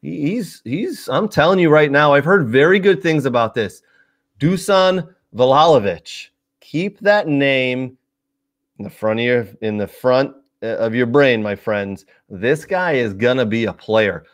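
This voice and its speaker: A man's voice: medium pitch, animated, a little slow. A man hosting a live soccer show, talking casually to viewers with lots of fillers and asides. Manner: chatty, addresses viewers directly, many fillers. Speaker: sports show host.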